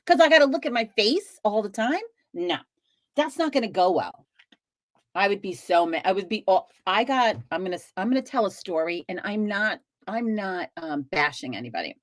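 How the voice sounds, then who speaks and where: A woman's voice: mid-range voice, animated, normal speed, no room sound, studio quality. A woman hosting a live stream, chatting casually with viewers, talkative and swearing freely as she rambles.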